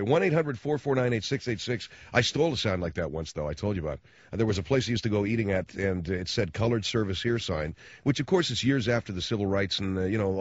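Rambling, animated radio man with a lo-fi sound. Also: lowish voice, no echo. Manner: rambling and animated, slangy, mimics voices. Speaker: radio host. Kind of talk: casual storytelling monologue. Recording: dull lo-fi, dry radio sound.

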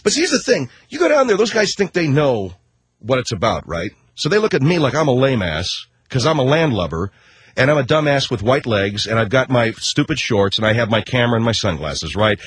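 A man's voice: mid-range voice, very animated, fairly quick, breathy edge, no room sound. A middle-aged man hosting a talk show, telling a rambling, sarcastic comic rant with casual swearing and constant self-corrections. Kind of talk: comedic rant monologue.

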